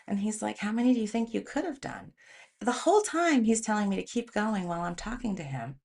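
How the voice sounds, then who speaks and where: A woman's voice: medium pitch, very animated, brisk, gravelly, a little mellow. A woman hosting a motivational talk, speaking in a conversational way and telling stories with animation. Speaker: host.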